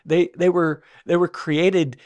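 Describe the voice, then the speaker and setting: A man's voice: fairly high pitch, flat delivery, slow pace, a little mellow. A man co-hosting a Bible teaching podcast, speaking earnestly and often restarting his sentences. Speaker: podcast co-host.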